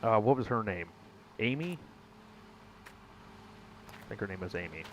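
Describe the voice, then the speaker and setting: A man's voice: fairly low pitch, expressive, measured pace, slight background noise, poor audio. A young man giving casual gameplay commentary, chatting with viewers in a rambling, self-correcting way with mild exclamations. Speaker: gaming streamer.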